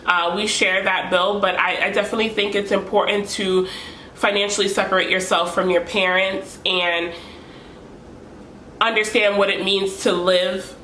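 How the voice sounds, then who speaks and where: A young female lifestyle vlogger gives earnest, encouraging advice to the camera in a casual way, repeating key points for emphasis. Her medium-pitched voice is pushed and bright. The room is echoey, with faint ambience and slight background noise.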